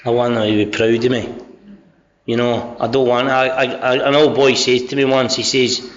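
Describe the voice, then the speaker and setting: A man's voice: mid-range voice, little pitch movement, normal speed. A middle-aged Scottish man with a Scottish accent giving a candid, sweary, self-mocking personal share about recovery at a convention. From Scotland. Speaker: speaker sharing recovery story at a convention. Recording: dull lo-fi convention recording.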